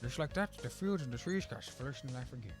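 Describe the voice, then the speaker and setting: A man's voice: medium pitch, animated, quick pace, faint music behind, pitched below the performer's own voice, natural voice. A man voicing a folksy old village man who rambles through a story, reading game dialogue aloud with a drawl.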